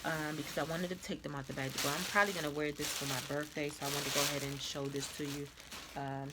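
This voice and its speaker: A woman vlogger with a stuffy nose, chatting casually through a clothing haul, repeating herself and filling pauses with "um". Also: low voice, flat delivery, very noisy. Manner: chatty, repetitive, many fillers. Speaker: fashion vlogger.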